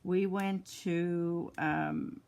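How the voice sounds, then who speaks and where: An older woman talks her viewers through a craft project at home. She speaks slowly and a little low, sounding tired between yawns. Her talk is chatty and rambling, and she is picked up by a phone camera. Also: steady tone, darkish tone. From Newfoundland, Canada. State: tired, yawning. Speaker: crafting vlogger. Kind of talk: casual chat while crafting.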